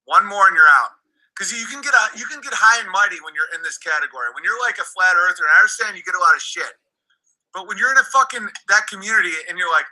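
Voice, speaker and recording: A man on a livestream rants in a sharp, very bright voice that sits a little high. He swears constantly and hammers the same threats over and over while reacting to chat comments. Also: expressive, fast, poor audio. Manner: profane, shouting threats, repetitive; reading chat comments aloud. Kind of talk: angry livestream rant.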